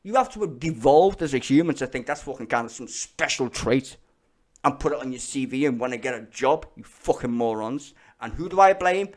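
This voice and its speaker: A man's voice: mid-range voice, lively intonation, brisk. A young Scouse man ranting over clips in casual, profane, blunt commentary. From Liverpool, England. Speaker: streamer reacting to videos.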